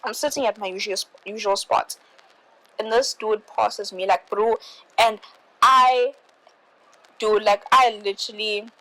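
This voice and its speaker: A woman's voice: mid-range voice, low-quality recording. A young woman telling a story in casual chat, full of "like" and "bro" and exasperated asides. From South Africa. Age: young adult. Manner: chatty, peppered with "like" and "bro"; exasperated, animated retelling. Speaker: host.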